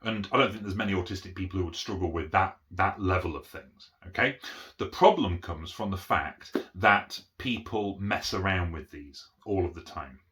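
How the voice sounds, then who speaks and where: A man's voice: deep voice, moderate pace, fairly bright tone. A middle-aged man giving an unscripted one-take talk about autism, explaining step by step and often checking understanding with "okay?". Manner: frequent restarts and fillers. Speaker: autism educator.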